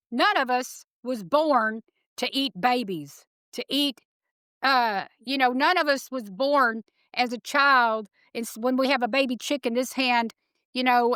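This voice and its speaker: A woman with a Texan accent, a guest speaking with sass and a folksy, preachy way of talking in an animated interview. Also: a little high, clear, resonant tone, no room sound, clean studio sound. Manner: sassy, preachy, folksy phrasing.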